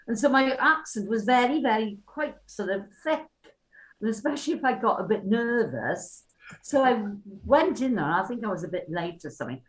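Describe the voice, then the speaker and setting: A woman's voice: a little high, animated, moderate pace, rough recording. A woman telling meandering, chatty stories about her acting career. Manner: chatty, meandering anecdotes with fillers. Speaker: actress recalling her career. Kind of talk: casual reminiscing on a video call.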